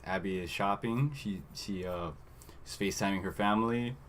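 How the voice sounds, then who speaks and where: A podcast co-host with a lowish voice recaps a movie in casual chat at a moderate pace, with slight background noise. He rambles and reads from his notes, trailing off with lots of fillers.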